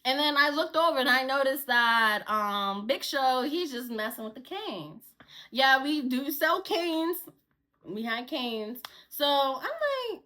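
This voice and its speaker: A young woman with a high, bright voice tells a story from her cashier job straight to the camera. She talks in an animated, repetitive way and swears as she vents. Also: measured pace. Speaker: store cashier telling a work story.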